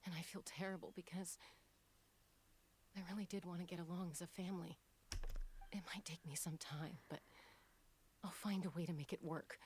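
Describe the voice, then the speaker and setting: A woman's voice: lowish voice, steady tone, moderate pace, pauses often, a little mellow, a little hiss or hum, lightly acted. A woman voicing a protective older sister warrior in a game cutscene, firm, reassuring and insistent. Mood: pleading. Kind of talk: video game cutscene voice acting.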